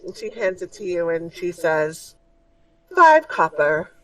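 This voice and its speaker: A woman's voice: lowish voice, steady tone, moderate pace, distant mic, low-quality recording. Woman game master, rambling narration. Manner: loose, rambling narration with fillers.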